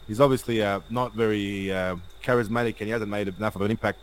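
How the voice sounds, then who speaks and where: A man's voice: fairly low pitch, fairly even intonation, quick pace, low-quality recording. A man hosting a casual interview and pushing his opinions emphatically. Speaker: host.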